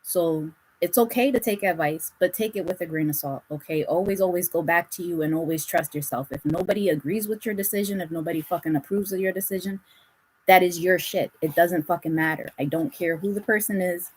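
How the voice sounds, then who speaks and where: A woman's voice: on the low side, fairly quick, a little mellow, slightly rough, poor audio. Blunt, swearing woman doing a tarot reading. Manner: blunt, swears freely, laughs often. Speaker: tarot reader. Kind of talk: casual spiritual reading.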